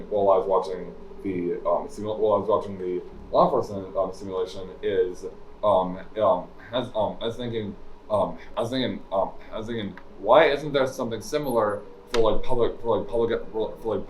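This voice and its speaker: A man with a lowish voice speaks hesitantly, filling pauses with ums and repeating himself. He is picked up from across an echoey room. A faint noise runs behind him. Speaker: autistic panel participant. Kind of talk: candid group discussion. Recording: echoey room, mic far off.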